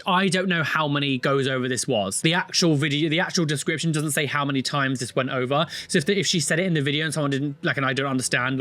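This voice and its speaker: A young man hosting a reaction video, chatting casually with sarcastic asides and loud exclamations. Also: a little high, no echo. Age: young adult.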